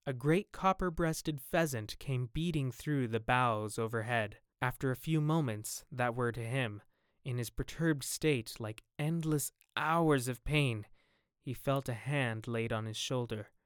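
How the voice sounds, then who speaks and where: A man's voice: medium pitch, unhurried, smooth, no echo, studio quality. A man reading a classic novel aloud as an audiobook narrator, acting out the characters' dialogue. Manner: acts out each character with raised, loud dialogue. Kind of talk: scripted narration.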